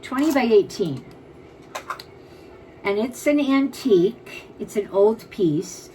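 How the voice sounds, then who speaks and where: Showing and pricing jewelry from a home room packed with items, this seller keeps up a rambling, casual live sales chat full of "like." She speaks slowly on the high side, animated and warm-toned, over a low-quality recording with a little hiss or hum.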